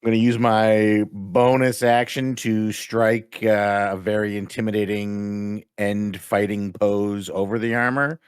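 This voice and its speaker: A man's voice: fairly low pitch, flat delivery, a little slow, hardly any pauses, clean tone, dry recording, studio quality. A man playing a monk in a tabletop game, playfully describing his moves. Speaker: player. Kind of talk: casual tabletop play.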